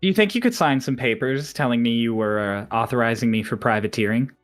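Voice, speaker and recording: A man's voice: medium pitch, fast talker, faint music behind, lightly acted. A man voicing a confident woman ship captain who gives clipped, commanding replies. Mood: reassuring.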